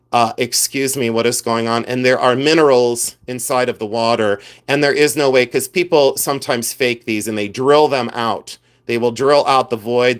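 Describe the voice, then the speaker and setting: A middle-aged man hosting a casual jewelry livestream, chatty and excitable, often breaking into exclamations. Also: medium pitch, clear, resonant tone. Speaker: livestream host selling jewelry.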